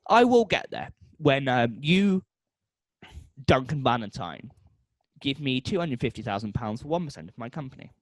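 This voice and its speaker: A man co-hosting a podcast, pitching a made-up product in comic style and making beeping sound effects. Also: very animated, moderate pace, no echo. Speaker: podcast co-host.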